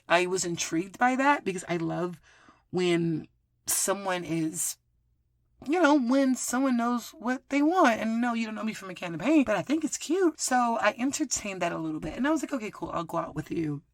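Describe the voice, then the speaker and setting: Middle-aged podcast lady telling stories, swears a lot, super animated, mid pitch, dry sound. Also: normal speed, no room sound. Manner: animated, swearing, laughing, acting out quoted people. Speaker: podcast host. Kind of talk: casual storytelling chat.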